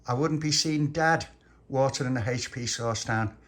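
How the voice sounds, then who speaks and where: A man voicing a fond but scolding mother who talks briskly. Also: mid-range voice, fairly bright tone, pitched above the performer's own voice, lightly acted. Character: bossy, fond working-class mum.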